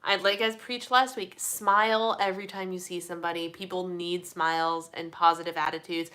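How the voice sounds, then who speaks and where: A young woman chatting casually on a live stream, reading viewer comments, animated and full of fillers like "like". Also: lowish voice, moderate pace. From Midwestern United States. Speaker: host of a live community chat.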